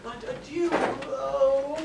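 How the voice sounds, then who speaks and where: A woman playing a comic, excitable young male servant in an amateur stage play, with quick, playful delivery. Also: sits high. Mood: tearful. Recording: roomy hall, far camera, noise.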